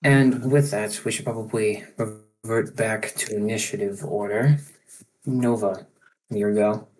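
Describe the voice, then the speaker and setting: A man narrating as game master of a tabletop game online, halting often with ums and restarts. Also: lowish voice, steady tone, a little mellow, poor audio. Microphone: online voice chat microphone.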